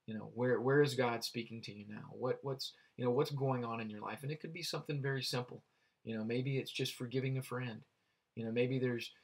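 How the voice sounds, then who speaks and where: A man's voice: mid-range voice, gravelly. A man giving a casual, earnest Bible devotional, talking conversationally with many restarts and putting direct questions to the listener. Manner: conversational, full of "you know" and restarts. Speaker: Bible teacher.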